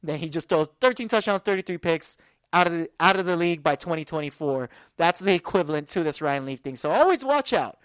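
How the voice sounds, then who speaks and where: A woman's voice: on the low side, lively intonation, brisk, no echo. A woman in her twenties hosting a sports podcast, talking casually and rambling with fillers. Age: 20s. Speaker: podcast host.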